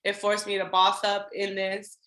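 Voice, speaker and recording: Bright-voiced woman telling her story. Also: mid-range voice, moderate pace, echoey room. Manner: animated storytelling, acts out her own past lines. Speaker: podcast guest. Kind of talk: casual interview chat.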